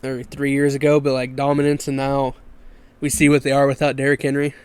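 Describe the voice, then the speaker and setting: A man's voice: medium pitch, fairly quick, clear, resonant tone. Man hosting a casual sports chat. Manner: relaxed, runs the topics and ad reads. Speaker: podcast host. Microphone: video call.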